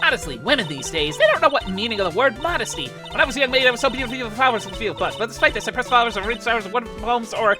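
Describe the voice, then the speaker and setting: A woman's voice: a little high, expressive, rapid-fire, few pauses, lightly acted. A woman voicing a fussy, pompous old woman guard who scolds and rambles about manners, against game music.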